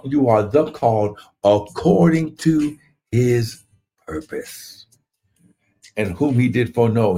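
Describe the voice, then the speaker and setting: A man's voice: mid-range voice, warm tone, breathy edge. A man preaching a livestreamed sermon, fervent and repetitive, reading scripture and breaking into rising exclamations.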